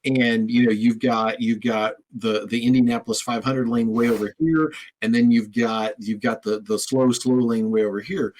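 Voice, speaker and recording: A man's voice: mid-range voice, steady tone, normal speed, hardly any pauses, a little mellow, poor audio. A man hosting a podcast interview, telling stories in a rambling way with frequent restarts and repeated words. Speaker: podcast host. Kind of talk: conversational interview.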